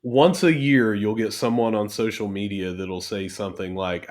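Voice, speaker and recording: A man's voice: lowish voice, moderate pace. Chatty man. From southern West Virginia. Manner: chatty, animated storyteller. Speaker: guest podcaster. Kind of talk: casual podcast interview.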